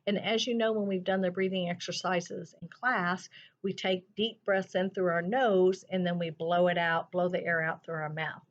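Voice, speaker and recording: Woman teacher going over feelings with kids, calm and slow, hums while thinking, kinda muffled lo-fi audio. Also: on the low side. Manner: slow, soothing, thinking aloud with soft hums. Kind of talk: gentle classroom lesson on feelings. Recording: slightly dull lo-fi sound.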